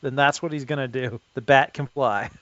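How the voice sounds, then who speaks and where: A man playing in a tabletop game, chatting casually and making quick jokes. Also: mid-range voice, fairly bright tone, lo-fi sound. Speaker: player.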